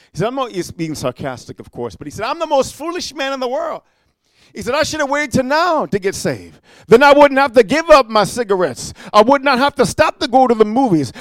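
A man preaching a sermon, moving from quiet storytelling to loud rebuke, filling it with amen and rhetorical questions. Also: high voice, no echo. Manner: frequent amen and rhetorical huh.

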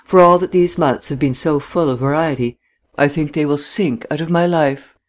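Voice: mid-range voice, normal speed, close to an everyday voice. A reader voicing a weary, restless young man who answers lightly and dismissively in an audiobook. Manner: light, dismissive retorts that tail off. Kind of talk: audiobook dialogue reading.

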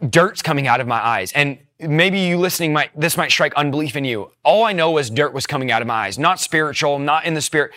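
Young man, personal testimony, earnest, tearful, bright forceful tone. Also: a little high, brisk, few pauses. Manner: emotional, earnest storytelling. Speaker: testimony speaker.

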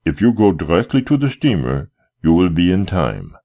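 A man voicing a calm, polite, smiling gentleman who speaks courteously and with mild regret. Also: sits low, moderate pace, highs cut off. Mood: regretful.

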